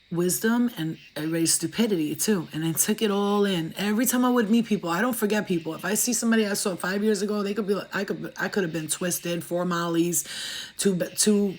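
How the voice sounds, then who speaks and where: A woman chatting casually to livestream viewers as a spiritual reader, fast-talking, profane and emphatic. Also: mid-range voice, a little hiss or hum.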